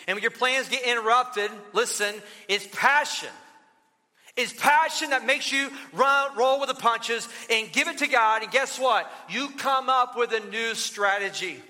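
A man's voice: very high voice, unhurried, pushed and bright. A middle-aged male pastor giving a conversational sermon with stories and joking asides. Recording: long reverb of a large hall.

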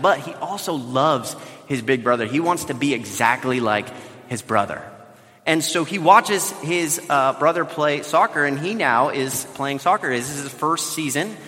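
A man in his thirties, a pastor telling a lively family story in a sermon, now and then raising his voice. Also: on the high side. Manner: animated storytelling with bursts of shouting. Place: church sanctuary. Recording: long reverb of a large hall.

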